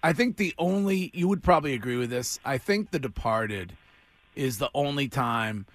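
A man hosting a casual radio interview, chatty and quick to laugh. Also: mid-range voice, lively intonation, no echo. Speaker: radio host.

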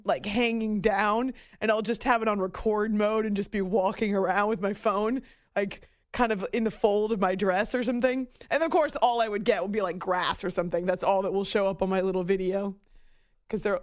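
A woman hosting a late-night sports radio show from a studio, chatty and self-mocking, with giggly asides. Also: medium pitch. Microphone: studio microphone.

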